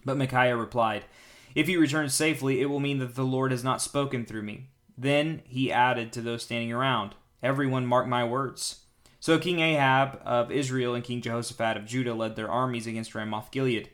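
A man's voice: medium pitch, a little fast, few pauses. Man reading Bible with playful asides. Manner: reads with lively voices for quoted speakers and joking asides. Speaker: podcast host reading scripture.

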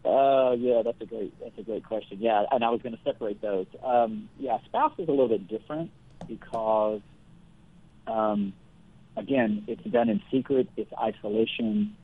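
A man speaking as the guest counselor in a conversational interview, explaining things earnestly and in a measured way, with everyday examples. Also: on the low side. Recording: phone-like thin line.

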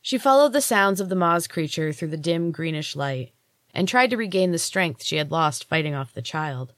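Low-voiced woman reading her fantasy story aloud, dry close sound, steady pace. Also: normal speed, dry recording. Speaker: podcast host and author reading her fiction. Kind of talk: audiobook narration.

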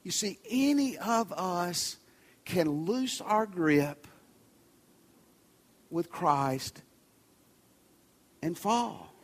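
A man preaching a sermon as a pastor in a large church, talking to the congregation in a conversational way and at times dropping his urgent pleas to a soft near-whisper. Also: high voice, animated, drawn-out words, pauses often, slightly rough. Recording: reverberant large church hall.

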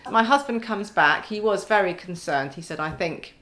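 A woman's voice: fairly low pitch, normal speed, a bit bright. A woman in her forties chatting as a podcast guest, wry and self-mocking, often laughing as she talks. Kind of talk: casual chat.

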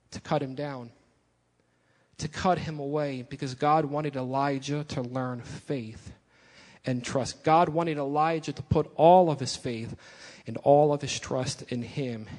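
A man's voice: mid-range voice, a little mellow, big-room sound. A man pastor preaching a sermon, repeating key lines and building emphasis.

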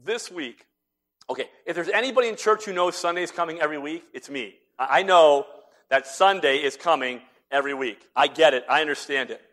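A middle-aged man preaches from the pulpit, his voice sitting a little high for a man. He drops to soft, hushed phrases and then surges into loud, emphatic preaching. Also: lively intonation, fairly quick. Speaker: pastor. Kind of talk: sermon.

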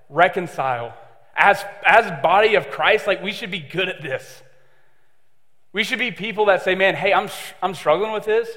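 Young male preacher, high bright voice, chatty and joking, echoing hall. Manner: chatty, joking, lots of fillers. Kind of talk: casual sermon. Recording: long reverb of a hall.

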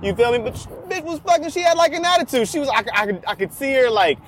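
A young man telling a story in a casual, profane, animated rant, repeating himself a lot. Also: extremely high pitch, fast, a little hiss or hum.

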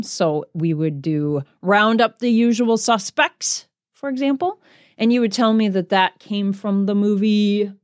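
A woman hosts her own podcast alone, talking casually and poking fun at herself between word games. Her pitch rises and falls a great deal, and she stretches words out when she reads the quiz items. The sound is close and dry, with no room around it. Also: dry recording. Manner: chatty and self-deprecating, slows down to read quiz words. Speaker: podcast host.

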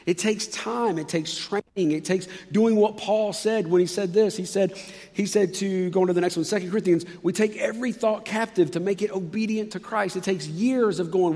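A man preaching a sermon earnestly, acting out prayers with sudden shifts between loud and quiet. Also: high-pitched, moderate pace, long reverb tail. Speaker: pastor.

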